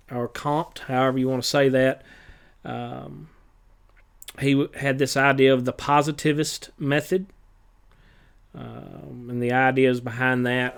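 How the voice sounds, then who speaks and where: Halting male teacher reviewing for a test. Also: mid-range voice, gravelly. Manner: halting, many filler pauses; plain, matter-of-fact instruction.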